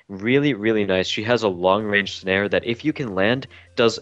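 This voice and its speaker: A man with a fairly low voice calls a live esports match and keeps stumbling over his words and starting again. His audio sounds dull and muffled, but dry and close, with faint music underneath. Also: normal speed, fairly bright tone, no echo. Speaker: esports caster.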